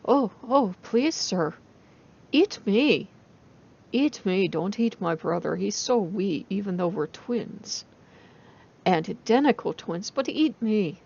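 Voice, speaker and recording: A woman's voice: medium pitch, animated, slow pace, creaky, darkish tone, slightly rough, dull audio, exaggerated voice. A woman voicing a tiny, tricky male rabbit spirit who pleads eagerly in a bedtime story. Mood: pleading.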